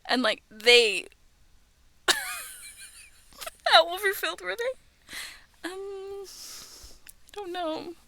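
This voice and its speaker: A woman's voice: very high voice, sing-song, very slow, pauses often, bright, forceful tone, slight background noise. A young woman streaming from her bedroom, chatting in a rambling, giggly way that often drops to a whisper. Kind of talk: casual chat on a livestream.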